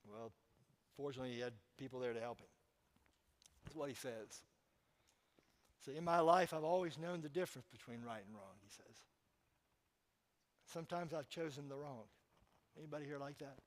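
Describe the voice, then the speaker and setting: A man pastor preaching a sermon in church, telling a story with emphatic swings in loudness and speaking straight to the congregation. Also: medium pitch, normal speed, long pauses, rough recording.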